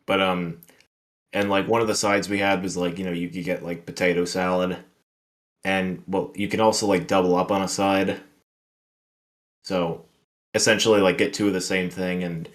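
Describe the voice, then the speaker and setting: A man hosting a podcast, telling a work story in a rambling, filler-heavy, profane way. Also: deep voice. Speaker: podcast host. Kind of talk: casual storytelling chat.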